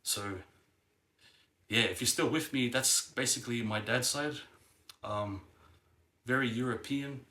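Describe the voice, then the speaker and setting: In an echoey room, a young man vlogs about his family history, speaking unhurriedly with frequent pauses in a medium-pitched, sharp voice. His telling is casual and rambling, hesitant, with many fillers and restarts.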